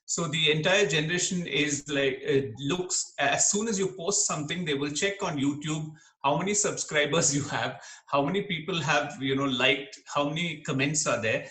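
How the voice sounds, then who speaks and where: A middle-aged man from Kerala, speaking as an interview guest in an earnest, animated way and laughing easily. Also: fairly high pitch, moderate pace, hardly any pauses. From Kerala, India. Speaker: interview guest, dermatologist and comedian. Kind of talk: reflective interview talk. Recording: echoey room.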